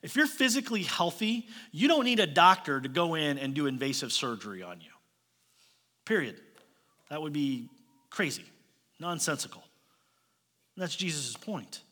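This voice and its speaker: A man preaching a sermon in a bright, forceful voice, pitched slightly above the usual male range. He talks conversationally, pressing his listeners with pointed questions and slipping in light jokes. His voice carries a long reverb from a large church hall. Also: big pitch swings, moderate pace. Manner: light joking asides. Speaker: pastor.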